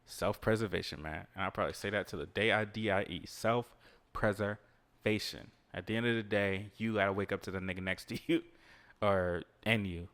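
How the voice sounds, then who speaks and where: A podcast host with a low, fairly flat voice talks quickly with a slightly bright edge. He hands out laid-back motivational advice in casual speech, swearing, laughing, and chatting with listeners as he plays a video game.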